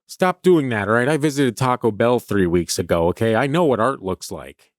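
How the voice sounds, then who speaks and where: A man's voice: mid-range voice, animated, normal speed, no echo, clean studio sound, natural voice. A man voicing a bossy middle-aged woman customer who scolds a designer in clipped, condescending orders. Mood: scolding.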